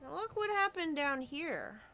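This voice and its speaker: Slow, musing woman artist. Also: sits high, very animated, pushed and bright, soft background music. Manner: musing, hesitant, with many fillers and restarts. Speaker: artist designing a character. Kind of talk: casual thinking-aloud commentary while drawing.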